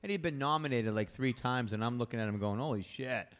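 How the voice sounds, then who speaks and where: Smooth-voiced New man telling stories. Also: medium pitch, fast talker. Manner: lively, acts out the people in his stories. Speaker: podcast guest, stand-up comedian. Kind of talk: comic storytelling anecdote. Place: comedy club with a live audience.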